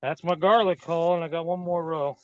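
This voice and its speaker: His voice is fairly high with fairly even intonation, and he talks fairly quickly; the recording is muffled and echo-free. The man is a garden channel host doing an informal live-stream tour outside, chatting with viewers in a rambling, friendly-plain manner. A phone or camera captures it, first on a tripod, later in hand while walking.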